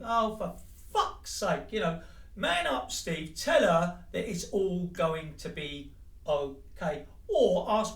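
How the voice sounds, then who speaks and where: A man's voice: high-pitched, lively intonation, slow pace, gravelly, a bit bright, recorded from a distance. Heated, sweary man ranting. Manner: heated, sweary, addresses his ex directly. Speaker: vlogger. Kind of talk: angry personal rant to the camera. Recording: echoey room, voice away from the mic.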